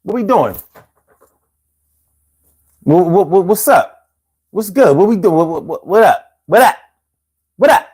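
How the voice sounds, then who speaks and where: A man's voice: high voice, animated, a little mellow, husky, heavily acted. A man doing jittery chattering roaches. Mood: restless. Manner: rapid repetitive street-slang chatter.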